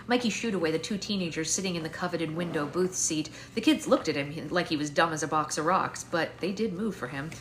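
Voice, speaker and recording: A woman author reading her own novel aloud in a live stream at home, with wry, expressive first-person narration on a phone mic. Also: low-pitched, fairly quick, few pauses, slight background noise.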